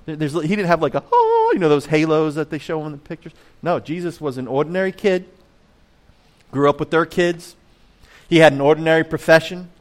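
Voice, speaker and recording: A man's voice: on the high side, steady tone, a little fast. A man preaching a sermon in a conversational way, full of rhetorical questions and acted-out voices of the crowd. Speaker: pastor.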